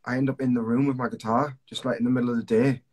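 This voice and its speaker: A man with a middle-pitched voice talks over a video call as a guest in a casual interview. He is chatty and self-deprecating and often restarts his sentences. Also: flat delivery, rapid-fire, a little mellow, slightly rough. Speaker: singer-songwriter guest.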